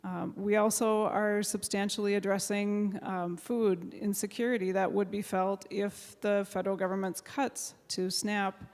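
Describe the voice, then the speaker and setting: A woman's voice: medium pitch, a little mellow. A woman senator giving a floor speech on a bill, hesitant with many fillers and restarts. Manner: halting, many fillers and restarts, moved to tears near the end. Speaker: state senator presenting a bill. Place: large legislative chamber. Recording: reverberant chamber floor mic.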